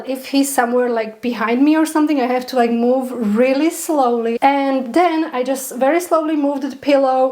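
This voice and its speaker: Young woman vlogger, high voice, chatty and animated, laughs often; casual storytelling to camera. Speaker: pet spider keeper vlogger.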